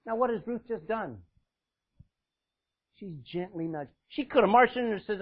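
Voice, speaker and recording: Male pastor, high and lively voice, husky, dull lo-fi recording. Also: a little slow, pauses often. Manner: animated, swings from loud emphasis to hushed asides. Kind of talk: sermon. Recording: dull, lo-fi sound.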